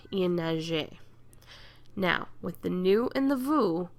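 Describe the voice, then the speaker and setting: Low gravelly woman teaching grammar. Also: fairly bright tone. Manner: patient, explanatory, drills conjugations slowly. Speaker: French teacher. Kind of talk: classroom grammar lesson.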